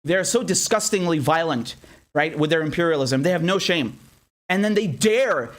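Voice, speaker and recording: A young man hosting a live political commentary stream, animated and angry, swearing and joking as he talks. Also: on the high side, normal speed. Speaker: independent journalist and show host.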